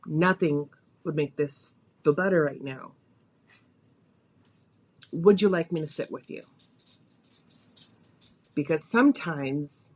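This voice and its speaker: A woman's voice: deep voice, husky. A woman hosting a podcast, telling a personal story in a confessional, emotional way, her voice rising and falling with feeling. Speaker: podcast host.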